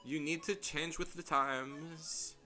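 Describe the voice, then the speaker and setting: A man's voice: on the high side, steady tone, takes it slowly, sharp tone. A young man casually commentating a game on stream, chatty and rambling, laughing at himself as he goes. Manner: rambling, chatty, self-deprecating with frequent laughs. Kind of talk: casual let's-play commentary. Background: faint game music.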